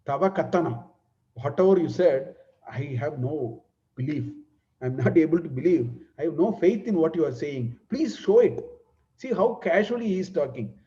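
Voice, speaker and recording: Guy teaching a scripture class, breaks verses down word by word, mellow tone, muffled lo-fi audio. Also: on the high side, lively intonation. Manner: unhurried, explains Sanskrit verses word by word with many restarts. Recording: dull lo-fi recording.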